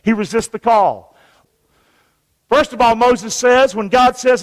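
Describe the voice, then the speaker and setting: A man's voice: very high-pitched, moderate pace. A man preaching a sermon, folksy and conversational, reading scripture aloud and calling on the congregation to repeat after him. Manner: call-and-response, folksy, reads scripture aloud. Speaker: pastor. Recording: long reverb of a large hall.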